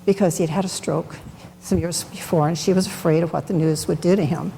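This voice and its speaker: At a Bible study, a middle-aged woman shares an unscripted, candid personal testimony in a conversational manner. Her voice sits on the low side, with a steady, dark, gravelly tone and a slightly quick pace. The recording carries a long hall reverb and faint background noise.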